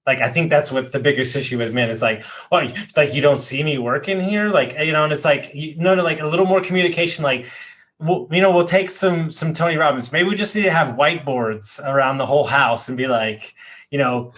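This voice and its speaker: A man's voice: on the high side, a little fast, fairly bright tone. A man hosting a podcast in casual chat, loose and full of fillers. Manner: loose, filler-heavy, frequent "like". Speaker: podcast host.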